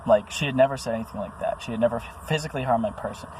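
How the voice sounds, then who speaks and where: A man's voice: mid-range voice, racing, noisy background. A man speaking about his own experiences in an earnest, rambling monologue, full of restarts and fillers. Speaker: vlogger. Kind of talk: personal monologue to camera.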